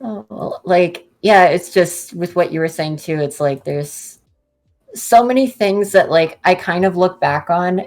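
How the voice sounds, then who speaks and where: A woman's voice: fairly low pitch, measured pace, a little mellow. A woman guest on a livestream, chatting casually and reflectively. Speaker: guest content creator. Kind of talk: casual chat.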